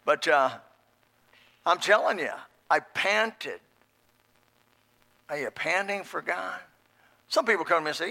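Bright, high-pitched preacher man, folksy. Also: lively intonation, unhurried, creaky, pauses often. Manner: folksy, emphatic preaching with repetition. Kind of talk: sermon.

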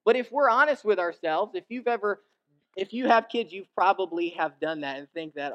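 A young man preaching a sermon, animated and conversational, who slips into mimicking the people he describes and rises in pitch and volume to drive a point home. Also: moderate pace, highs cut off. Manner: animated, mimics others in quoted asides, rises in pitch and volume when emphatic. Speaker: pastor.

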